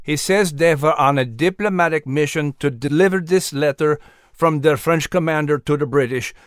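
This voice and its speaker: A man's voice: on the high side, moderate pace, clear, resonant tone, dry recording, studio quality, close to an everyday voice. A man voicing an earnest male officer who explains what a prisoner said, in a storybook reading.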